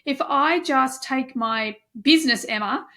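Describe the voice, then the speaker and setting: A woman's voice: high voice, measured pace, fairly bright tone. A woman hosting a podcast interview, enthusiastic and effusive, chatting casually with many fillers. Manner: enthusiastic and effusive, lots of "like" and "you know". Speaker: podcast host.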